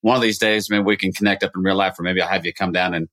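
A man's voice: sits low, steady tone, very fast, fairly bright tone. A man hosting a podcast interview, asking probing questions and chatting in a friendly, casual way. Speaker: podcast host. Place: Texas.

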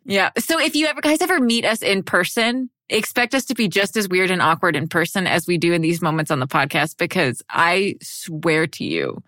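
A woman's voice: on the low side, expressive, normal speed, few pauses, a bit bright, dry recording, studio quality. A woman with a Texas twang co-hosting a podcast in casual chat, giggly and self-consciously awkward, laughing often. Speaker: podcast co-host.

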